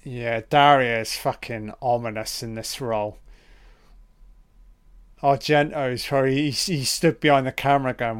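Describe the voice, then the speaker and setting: A man's voice: medium pitch, steady tone, normal speed, clean tone. A man giving a casual commentary over a film, reacting with profane running remarks.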